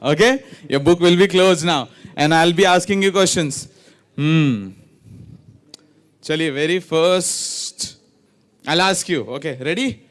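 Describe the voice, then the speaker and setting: Pausing often, a man with a smooth voice on the high side speaks at a measured pace. As host of a ceremony in a large hall, he runs a lively quiz, playfully teasing teachers with tongue twisters and shifting between English and Hindi.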